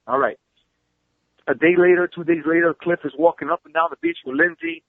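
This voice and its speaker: A man guest telling stories in a casual interview, excitable and swearing freely, heard over a phone call. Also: a little high, gravelly, no room sound. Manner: fast, excitable storyteller who swears freely. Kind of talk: animated storytelling, casual interview. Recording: tinny phone line.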